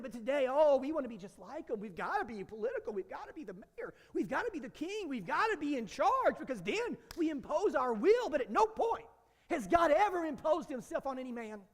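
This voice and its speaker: A man preaching a sermon as pastor, animated, acting out the voices of biblical characters. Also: very high voice, brisk. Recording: long hall reverb.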